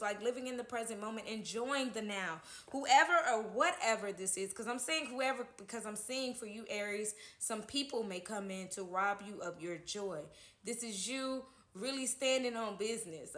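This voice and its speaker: A woman's voice: on the high side, bright, forceful tone, echoey room. A woman giving a casual tarot horoscope reading, chatty, who keeps checking in with "okay?" at the end of her lines. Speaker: tarot reader.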